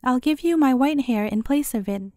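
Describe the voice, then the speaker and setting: A shrewd, greedy old crone haggles over what she is owed in a high, mellow voice, as a woman reads her lines. The storybook reading is dry and close. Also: a little fast, dry recording, lightly acted. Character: old crone tending Death's hothouse, greedy.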